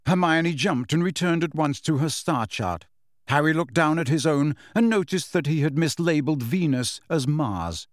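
A man reading an audiobook aloud in a measured, expressive way. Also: fairly high pitch, no room sound, clean studio sound. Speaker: audiobook narrator. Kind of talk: scripted narration.

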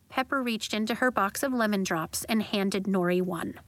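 A woman narrating a children's storybook aloud in a gentle, expressive way. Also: mid-range voice, normal speed, dry recording.

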